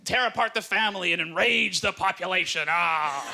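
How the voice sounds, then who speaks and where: A man's voice: high-pitched, normal speed, gravelly, heavy background noise, pitched below the performer's own voice. A comic voicing a brash bigoted bar guy. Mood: blustering. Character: blustery small-town male bar patron, bigoted. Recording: live room with loud audience laughter.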